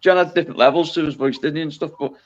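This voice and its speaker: A man's voice: a little high, very fast, dull audio. A man from Liverpool with a Liverpool accent, co-hosting a casual chat and rambling with tag questions. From Liverpool, England. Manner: rambling, hesitant, lots of fillers and tag questions. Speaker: podcast co-host.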